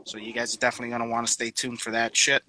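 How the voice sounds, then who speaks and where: A man's voice: mid-range voice, flat delivery, rapid-fire, bright, forceful tone, rough recording. A man hosting a casual interview show, hyped and slangy, calling his guest bro and dude and repeating words as he talks. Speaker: host. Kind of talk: casual chat.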